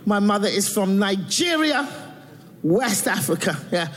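Guy doing stand-up, high lively voice, big echoey hall, room noise. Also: measured pace. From England. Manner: animated, mimicking, playful. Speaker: stand-up comedian. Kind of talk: stand-up comedy.

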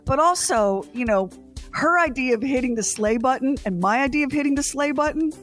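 A middle-aged woman co-hosting a radio show, telling a funny story in a casual, animated way with laughing asides. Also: sits high, a little fast, soft background music.

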